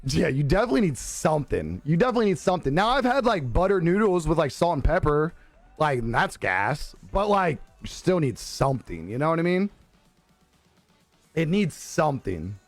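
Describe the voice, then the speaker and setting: A man's voice: on the high side, big pitch swings, normal speed, dry recording. A young man live streaming, chatting casually with his viewers, laughing often and swearing easily. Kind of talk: casual chat reading viewer comments. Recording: dry close sound with faint music behind.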